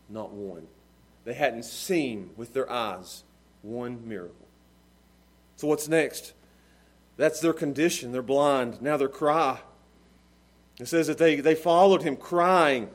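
A man preaching a sermon as pastor, moving between hushed, earnest passages and loud, fervent cries. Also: medium pitch, takes it slowly, long pauses. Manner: dynamic preaching, swinging from hushed to shouting.

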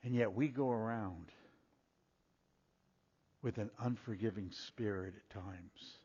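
A man preaching a sermon, reading scripture in a raised voice and dropping low and quiet to explain it. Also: slow pace, breathy edge. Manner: rises loud and high when reading scripture, drops low and quiet when explaining. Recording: dull sound with long hall reverb.

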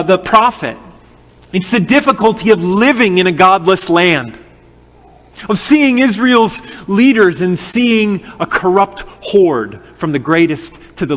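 A man preaching an expository sermon in an earnest, measured way, posing rhetorical questions. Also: sits high, fairly bright tone. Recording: long hall reverb.

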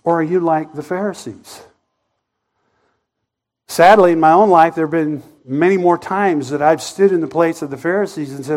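High-voiced pastor preaching with dramatic swings. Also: male voice, moderate pace. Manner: dramatic storytelling, acting out quoted voices, wide swings in loudness. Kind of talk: sermon.

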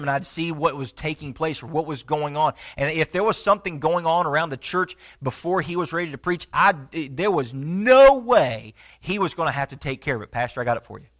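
A middle-aged pastor delivers a sermon in a fairly high voice. He speaks earnestly, with frequent halting restarts. He sinks low and soft on his key points.

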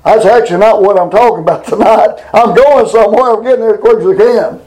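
An older man preaching a folksy sermon, talking plainly and drawing out scripture slowly for emphasis. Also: high voice, darkish tone, roomy sound, poor audio.

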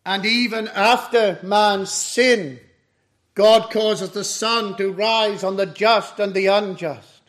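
Slow, high-voiced male preacher. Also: steady tone, a bit bright. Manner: slow, measured, solemn doctrinal delivery. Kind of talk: expository sermon.

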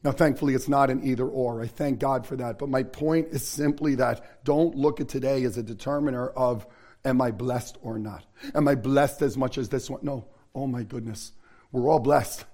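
A pastor preaching an earnest, confessional sermon, dropping to a hush and rising to emphatic lines. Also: male voice, medium pitch, fairly even intonation, normal speed.

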